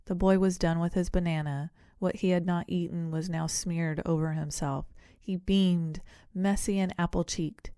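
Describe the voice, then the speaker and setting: Female audiobook narrator, measured storytelling, dark mellow tone. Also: lowish voice, steady tone, clear, resonant tone, no echo, studio quality. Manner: measured storytelling with voiced characters. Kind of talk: scripted narration.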